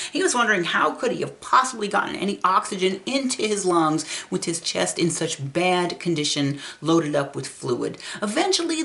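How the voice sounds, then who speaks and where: A woman narrating a true story in an expressive, conversational way. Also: lowish voice.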